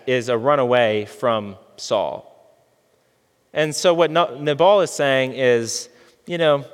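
A man's voice: mid-range voice, long reverb tail. A man preaching a sermon as a pastor, talking conversationally and asking his listeners questions. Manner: conversational, asks the audience questions.

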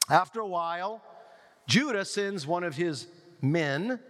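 Storytelling preacher in a reverberant hall. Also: male voice, sits high, measured pace. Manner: storytelling, lively retelling with quoted voices. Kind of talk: sermon. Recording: long reverb of a large hall.

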